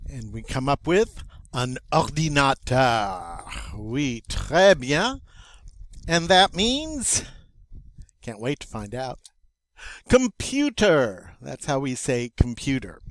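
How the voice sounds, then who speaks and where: An older man, teaching French vocabulary in a slow, patient, folksy way, drawing out each word. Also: medium pitch, wildly swooping pitch, dry recording. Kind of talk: recorded vocabulary lesson.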